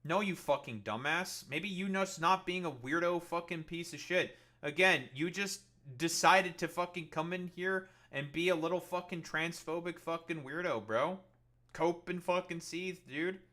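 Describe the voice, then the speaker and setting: A man on a live stream, swearing constantly and mocking the people in his chat. His voice sits high for a man and has a bright, cutting edge. He talks straight into a desk mic. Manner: profane, combative, mocking. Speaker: political streamer. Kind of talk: livestream argument with chat.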